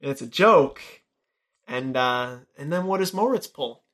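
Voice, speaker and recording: A man's voice: medium pitch, measured pace. Young man animatedly retelling a movie. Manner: animated retelling, acting out characters' lines. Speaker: podcast co-host. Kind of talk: casual movie recap chat.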